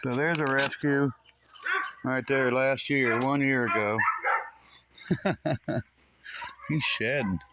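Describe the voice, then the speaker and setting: Slow-talking middle-aged man outdoors. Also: mid-range voice, fairly even intonation. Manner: chatty and easygoing, chuckles often, coos to his dogs. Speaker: garage owner showing his rescue dogs. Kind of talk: casual outdoor vlog. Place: overgrown backyard with dog pens, outdoors. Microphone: camera on a swinging makeshift mount. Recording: noisy outdoor audio with dogs barking.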